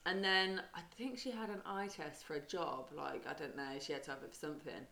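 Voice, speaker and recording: Chatty young woman, lowish voice, echoey room. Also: a little fast, creaky, bright, forceful tone. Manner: chatty, rambling storyteller, says mate a lot. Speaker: podcast co-host. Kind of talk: casual chat.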